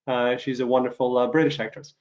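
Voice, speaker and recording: A man's voice: mid-range voice, flat delivery, quick pace, a little mellow. Male host, recovering from illness, chatty and rambling, full of fillers, on a video call. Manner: rambling, lots of fillers and restarts. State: recovering from covid, some coughing. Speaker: podcast host. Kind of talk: casual interview chat.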